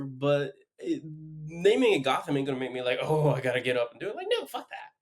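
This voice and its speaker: A man's voice: on the high side, animated, normal speed, few pauses. A young man co-hosting a casual podcast over a call, laid-back and teasing, swearing freely. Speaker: podcast co-host. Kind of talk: casual chat. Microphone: remote call mic.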